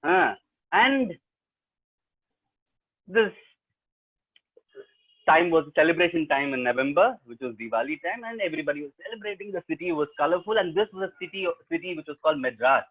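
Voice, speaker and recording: A professional storyteller with an Indian English accent animatedly tells students a story live over a webinar from a home setup, quizzing the audience along the way. His voice is a little high, animated, a little fast, and breathy, with long pauses. The video call audio sounds tinny.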